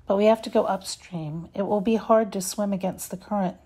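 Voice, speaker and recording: A woman's voice: medium pitch, steady tone, a little fast, mellow, breathy edge, lightly acted. A woman voicing a small, scared, lost male duckling in a storybook reading, timid and quivering. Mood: timid, pleading.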